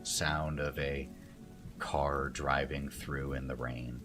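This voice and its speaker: A man with an extremely low voice runs a tabletop game as game master. He narrates calmly and descriptively, and his pace is unhurried and deliberate. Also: music in the background. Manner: slow, calm, descriptive narration.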